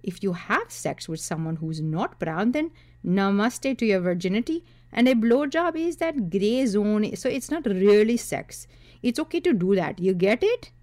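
A woman doing an entitled, flat-voiced young man. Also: high voice, a little slow, voice pushed up. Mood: coaxing. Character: smooth-talking young man, manipulative.

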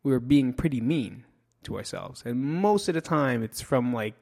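A man in his thirties talks loosely and bluntly, swearing freely and poking fun at himself. His pitch sits in the ordinary middle range for a man, and his thoughts ramble along with frequent restarts. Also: expressive, a little slow, gravelly, a little mellow. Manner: blunt, profane and self-mocking. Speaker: podcast host. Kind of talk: casual podcast monologue.

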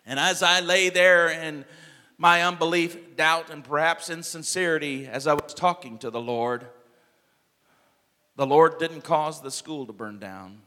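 A man preaching a sermon as pastor, impassioned, swinging between loud and soft, with many "uh" fillers. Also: fairly high pitch, unhurried, long reverb tail.

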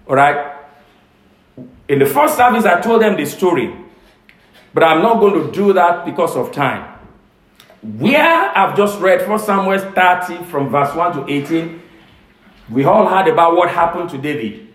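A man's voice: a little high, sing-song, a little slow, pauses often. A male pastor preaching a sermon, emphatic, repeating key phrases for weight. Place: church service. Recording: echoey church room.

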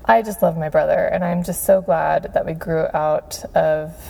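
A podcast host in her thirties giving heartfelt thanks, gushing, with frequent pauses and fillers. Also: low-pitched, fairly even intonation, gravelly, darkish tone. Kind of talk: heartfelt Father's Day shout-outs.

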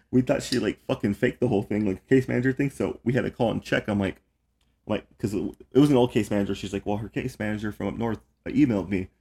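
A young man hosts a casual podcast chat in a lowish, darkish, husky voice, talking at a quick pace. He tells rambling stories packed with swearing and filler words.

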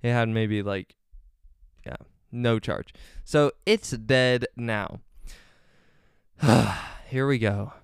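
A man's voice: mid-range voice, very slow, creaky, pauses often, clear, resonant tone, dry recording, clean studio sound. A young man hosting his own podcast, chatting casually and rambling off on side stories with lots of ums. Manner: rambling, easily sidetracked, frequent ums. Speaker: podcast host. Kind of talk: casual solo podcast chat.

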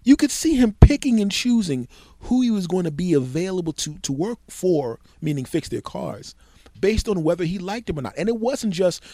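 Animated male podcast host. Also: high-pitched, brisk, no echo. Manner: animated storyteller, swearing and acting out voices. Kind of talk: solo comedic storytelling podcast.

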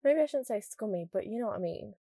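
Podcast host: young northern English woman, mild accent, quick rambling chat, very dry close sound. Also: medium pitch, expressive, gravelly, dark tone, no echo. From northern England. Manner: fast rambling, lots of "like". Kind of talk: casual chatty monologue.

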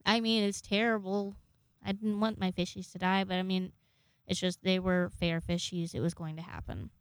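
A woman's voice: lowish voice, little pitch movement, normal speed, clean tone, no room sound, studio quality. A young woman in her twenties telling rambling, jokey, profane stories to camera in a casual vlog. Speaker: vlogger.

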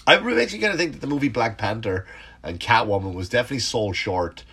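A middle-aged comedian with a congested, sniffly voice, telling a rambling, profane story in a casual comic monologue. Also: male voice, medium pitch, expressive, fast, bright, forceful tone, breathy edge. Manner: rambling, profane, self-interrupting. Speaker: stand-up comedian hosting a podcast.

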